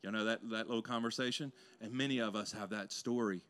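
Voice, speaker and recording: A man preaching a sermon to a congregation in a church, swinging between loud exclamations and hushed intensity, with playful asides to the crowd. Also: fairly low pitch, fairly even intonation, brisk, clean tone. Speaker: pastor. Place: church sanctuary before a congregation.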